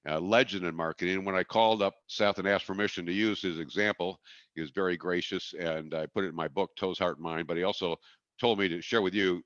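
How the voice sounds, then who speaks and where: A man's voice: fairly low pitch, sharp tone, no room sound, muffled recording. A middle-aged man from Wisconsin giving a folksy, jokey, emphatic marketing webinar talk.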